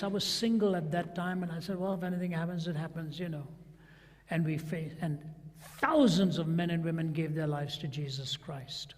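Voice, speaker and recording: A husky older man gives a sermon, his voice sitting a little high for a man. He tells his stories with lively acted-out dialogue. A long reverb trails each phrase, as in a large hall. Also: moderate pace. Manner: animated storyteller who acts out quoted voices. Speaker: preacher. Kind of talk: sermon storytelling.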